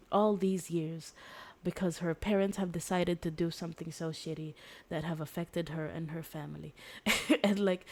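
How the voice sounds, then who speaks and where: Rambling young woman streamer, low voice. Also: a little mellow. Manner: rambling, lots of fillers and restarts, swears casually. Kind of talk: casual chat, retelling a story.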